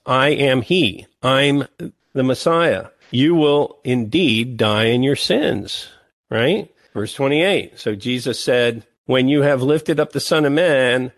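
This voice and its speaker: A man preaching a sermon, reading scripture passages slowly and breaking into emphatic, lively comments between them. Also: mid-range voice, creaky, no room sound.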